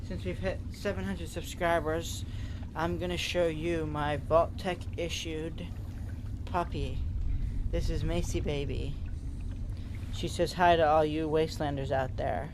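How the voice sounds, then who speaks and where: A man's voice: on the high side, flat delivery, measured pace. Chatty gaming streamer man, noisy mic. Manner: chatty, reads viewer comments aloud. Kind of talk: casual live-stream chat while gaming.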